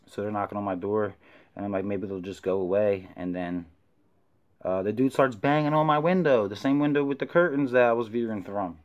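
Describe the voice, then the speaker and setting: A man casually telling a story to camera, with loose, filler-heavy slang, who gets louder and higher when he quotes himself. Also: a little fast, muffled recording. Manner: animated, rises when quoting himself. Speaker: vlogger recounting an encounter.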